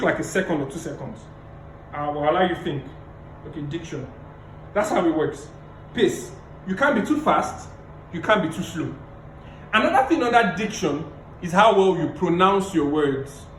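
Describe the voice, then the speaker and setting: A man giving a public speaking lecture over a video call, emphatic and repeating key phrases, deliberately playing his tone up and down. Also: high voice, echoey room, a little hiss or hum, low-quality recording. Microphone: video call mic.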